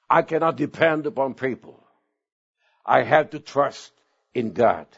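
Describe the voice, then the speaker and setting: A middle-aged or older man preaching a sermon as pastor, earnest, with sudden swings in pitch and slow emphatic phrases. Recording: dull lo-fi sound.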